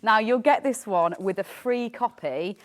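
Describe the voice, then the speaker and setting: A woman's voice: a little high, unhurried. A woman designer chatting on a TV shopping show, explaining her products in a hesitant, self-deprecating way. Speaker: craft designer guest.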